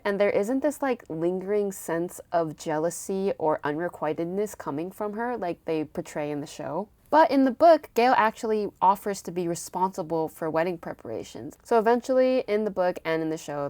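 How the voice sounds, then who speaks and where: A woman's voice: on the low side, darkish tone, no echo. A woman recapping a book and its show adaptation in a chatty, casual way, full of fillers and casual swearing.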